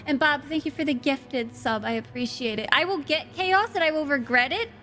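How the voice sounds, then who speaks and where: A woman's voice: high-pitched, normal speed, fairly bright tone. A woman streaming live, chatting with her viewers in a playful way, swearing freely and laughing often.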